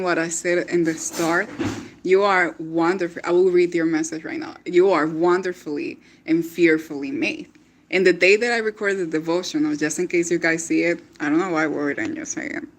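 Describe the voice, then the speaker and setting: A woman speaks on a devotional livestream in a chatty, encouraging manner. She laughs often and repeats words as she goes. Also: fairly low pitch. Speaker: online prophetic speaker.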